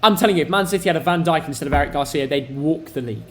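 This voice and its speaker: A young man hosting a live football watch-along stream, chatty and excitable, talking to his viewers. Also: a little high, racing. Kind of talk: casual live match watch-along commentary.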